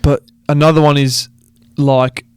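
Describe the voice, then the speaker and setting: Young aussie guy, smooth voice, a bit high, easygoing chat. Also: little pitch movement, measured pace, dry recording. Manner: easygoing, agreeing, laughs often. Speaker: podcast co-host. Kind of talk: casual chat.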